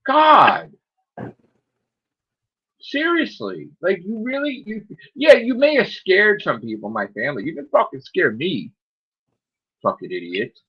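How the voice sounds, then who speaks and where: A man's voice: high-pitched, sing-song, a little slow, long pauses, slightly rough, dull audio. A man, ranting profanely and mocking on a casual stream chat as host. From United States. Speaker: channel host.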